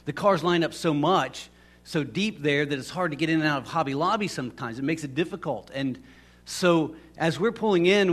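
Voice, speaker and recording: A man's voice: on the high side, fairly bright tone. A man preaching a casual, storytelling sermon, rambling and conversational with many restarts. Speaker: pastor.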